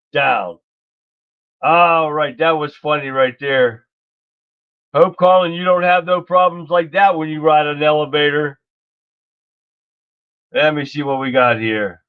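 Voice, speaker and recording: A man's voice: fairly high pitch, slow, long pauses, smooth. A man hosting a casual political live stream, folksy and chatty, greeting viewers by name. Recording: dull lo-fi stream audio.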